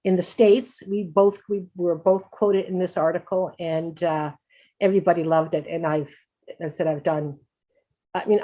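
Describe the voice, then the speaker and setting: A woman's voice: medium pitch, mellow. A middle-aged woman giving an upbeat, chatty conference talk as a patient advocate, laughing often and restarting her sentences. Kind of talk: conference presentation.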